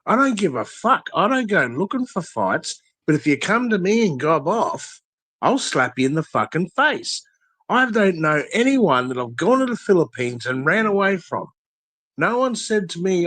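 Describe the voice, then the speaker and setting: A man's voice: on the high side, big pitch swings, moderate pace, a bit bright, no echo. A man, ranting angrily and profanely as a guest in a casual chat, full of threats. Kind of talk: angry rant in casual chat.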